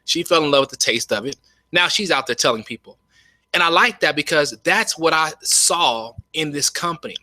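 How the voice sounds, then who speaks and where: A man giving an enthusiastic, folksy webinar sales pitch from home, often saying "you all". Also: animated, normal speed, bright, forceful tone, no room sound. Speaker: network marketing presenter. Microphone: webcam.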